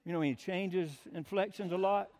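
A man's voice: sits high, normal speed, a little mellow. A man preaching a sermon in a folksy, plainspoken storytelling way. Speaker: pastor.

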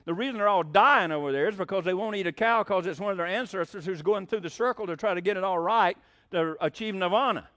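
A man's voice: high-pitched, fast talker, pushed and bright, no echo. A man preaching a sermon, folksy and blunt, with sarcastic asides.

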